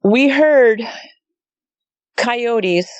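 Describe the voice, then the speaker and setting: A woman's voice: fairly high pitch, lively intonation, drawn-out words, clean tone, dry recording. Woman guest from Montana, casual storyteller who quotes everyone, dry dull remote audio. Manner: chatty, quotes others with "he goes" and "I said". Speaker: guest telling a sighting story.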